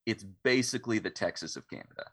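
A man co-hosting a podcast in casual chat, telling things in a laid-back, halting way. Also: fairly low pitch, lively intonation, fairly bright tone, no room sound, clean studio sound.

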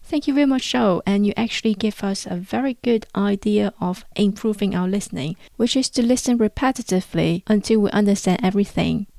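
Slow, clear-spoken woman podcast host. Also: medium pitch, dark tone, no echo, clean studio sound. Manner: speaks slowly and clearly. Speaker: podcast host and Chinese language teacher. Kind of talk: podcast outro reading listener messages.

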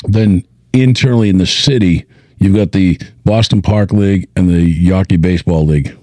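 A man's voice: deep voice, normal speed, warm tone, no echo. A male podcast host in casual chat, explaining background for listeners.

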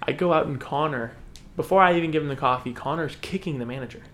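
Laughing often, a man on a podcast animatedly tells a funny story and performs the voices of its characters in casual chat. His voice runs on the high side and fast, with slight background noise.

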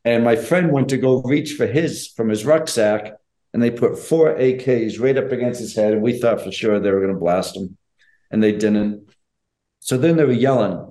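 A man's voice: medium pitch, mellow. Earnest older man in a roomy space. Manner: measured, earnest, plainspoken. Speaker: guest, former special forces operator. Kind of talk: storytelling in an interview. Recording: roomy echo.

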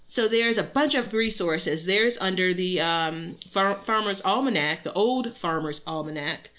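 Chatty woman with a bright voice. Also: on the low side. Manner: chatty, rambling, lots of fillers and laughs. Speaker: podcast co-host. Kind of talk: casual chat.

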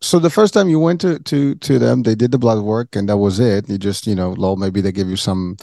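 A man hosting an interview in a gravelly, mellow voice, recorded dry and close. His questions ramble, and he restarts and rephrases them several times. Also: fairly low pitch, a little fast, no room sound. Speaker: interviewer, host. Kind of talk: conversational interview.

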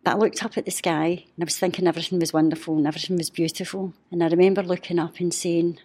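A woman, a podcast guest telling a personal story in a heartfelt, halting way. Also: fairly low pitch, little pitch movement, a little mellow, husky. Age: 50s.

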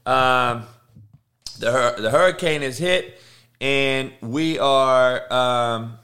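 A man's voice: medium pitch, drawn-out words, bright, forceful tone. A man hosting a sports betting show, reading injury news in a casual, offhand way with frequent swearing. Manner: profane, offhand, reads news aloud.

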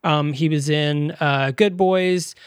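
A man's voice: fairly high pitch, fairly even intonation, slow pace, clear, resonant tone, no room sound. A man co-hosting a podcast, reviewing a movie in casual chat and rambling with lots of fillers. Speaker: podcast co-host.

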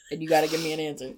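A woman's voice: deep voice, very noisy. A young woman cohosting a podcast, chatting casually in a blunt, profane, teasing way. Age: young adult. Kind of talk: casual chat.

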